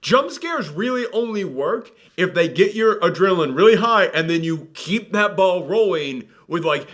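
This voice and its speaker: A man hosting a casual film review podcast, talking in an animated, sarcastic and mock-dramatic way. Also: high voice, normal speed, hardly any pauses.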